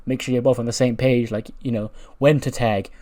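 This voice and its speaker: A man voicing a quick-tempered male wrestling-school teacher who lectures his class and flares into shouting. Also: mid-range voice, fairly even intonation, close to an everyday voice. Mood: lecturing. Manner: lecturing, then shouting and challenging.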